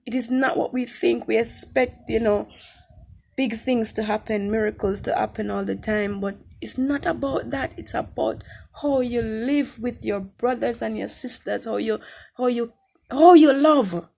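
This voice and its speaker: A woman's voice: fairly high pitch, a little slow, gravelly, mellow, husky. A woman giving an earnest spoken Christian testimony, repeating phrases for emphasis. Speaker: testimony speaker.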